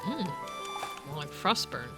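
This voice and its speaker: A woman's voice: low voice, very animated, takes it slowly, music in the background. A woman hosting a let's play, giving casual gameplay commentary with wry, joking asides.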